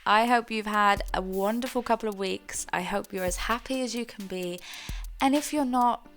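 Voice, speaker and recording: A woman's voice: medium pitch, moderate pace, fairly bright tone, soft background music. Chatty young woman hosting. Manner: chatty, earnest, a little self-mocking. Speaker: podcast host. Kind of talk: casual podcast introduction.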